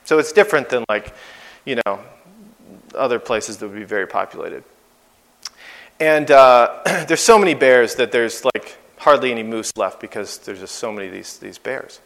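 A man preaching a sermon as guest preacher, in a conversational, animated way with lots of asides and fillers. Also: medium pitch, normal speed, vocal fry, long reverb tail.

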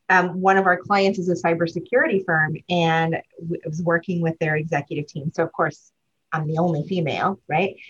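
A woman's voice: lowish voice, breathy edge. A woman hosting an interview podcast, chatting casually with her guest. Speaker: podcast host. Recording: slightly dull, lo-fi.

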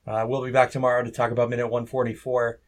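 A man at an ordinary middle pitch co-hosts a podcast in loose, casual chat. He drops wry, joking asides and talks at an easygoing clip. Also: completely flat delivery, quick pace. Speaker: podcast co-host.

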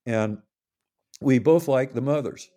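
An older man spins long, rambling anecdotes in a casual interview, frequently correcting himself and voicing what others said. He speaks slowly in a mid-range voice with a warm tone.

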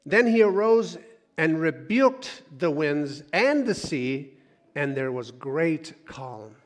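Guy preaching a sermon, a bit high voice, chatty and repeats himself, long echo from the hall. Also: animated, slow pace. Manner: conversational preaching, repeats words, quiet when quoting scripture. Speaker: pastor.

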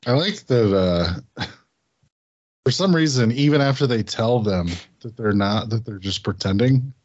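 A man's voice: medium pitch, normal speed, a little mellow. A man in a casual movie chat, chiming in with brief remarks. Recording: dull lo-fi sound.

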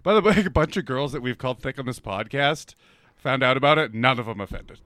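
Bright, lively young-sounding man joking. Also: medium pitch, fairly quick, no echo. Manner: joking, laughs often, crude. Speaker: podcast host. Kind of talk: casual podcast banter.

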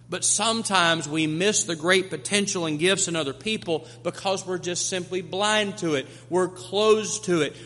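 A man's voice: high-pitched, bright, forceful tone. A male pastor delivering a sermon, preaching with emphatic repetition to a congregation. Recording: long hall reverb.

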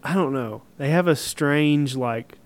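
A man's voice: on the high side, unhurried. A man from Middle Tennessee with a Southern accent, hosting a podcast in easygoing, rambling casual talk full of fillers. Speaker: podcast host.

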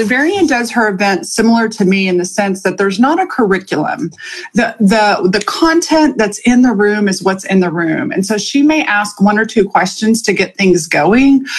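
A woman hosts her live podcast in a loose, conversational way, pausing on ums and laughing now and then. Her voice sits in a middle pitch with a husky edge. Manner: chatty, with frequent ums and laughs. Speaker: podcast host and coach. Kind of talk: casual live podcast monologue.

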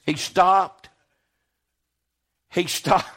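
A man preaching a sermon, impassioned, dropping low and then rising to shouts. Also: fairly even intonation, drawn-out words. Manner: impassioned, swings between hushed and shouting.

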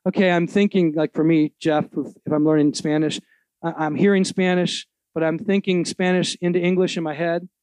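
Fervent high-voiced middle-aged preacher. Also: male voice, little pitch movement, moderate pace, a little mellow, clean tone, dry recording. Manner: fervent, emphatic, full of rhetorical questions. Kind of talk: live sermon teaching. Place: live event before an audience.

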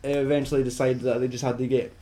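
A man's voice: mid-range voice, little pitch movement, fast, mellow. A man co-hosting a casual film chat, rambling and sweary with lots of fillers. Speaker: podcast co-host.

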